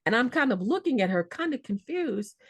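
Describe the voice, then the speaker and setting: A woman guest telling a personal story in a podcast interview, vivid and expressive, often repeating words. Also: fairly high pitch, fairly quick, dry recording, studio quality.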